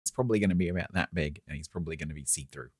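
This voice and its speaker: Low, husky man streaming a game. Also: racing, dry recording, studio quality. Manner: relaxed, rambling, chuckling asides to chat. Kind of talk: casual live-stream chat while gaming.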